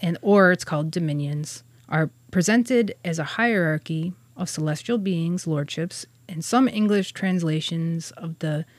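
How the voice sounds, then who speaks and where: A woman's voice: on the low side, measured pace, hardly any pauses, dry recording. A woman co-hosting a podcast, casually explaining old religious texts, laughing often and stumbling over words. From Catholic churchgoer. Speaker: podcast co-host explaining angel hierarchy.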